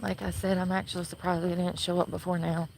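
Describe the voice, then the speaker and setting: A woman's voice: fairly low pitch, little pitch movement, fast talker, gravelly, darkish tone, slight background noise, low-quality recording. A woman livestreaming outdoors at night from her phone, bitter and swearing constantly as she rants. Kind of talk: angry profane ranting livestream. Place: outdoors at night near a shopping center. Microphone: phone camera.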